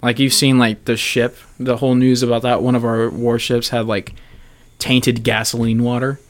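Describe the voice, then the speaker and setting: A man's voice: mid-range voice, level tone, moderate pace. A young man, a comedian guest on a podcast, rambling in casual chat and acting out little voices for his bits.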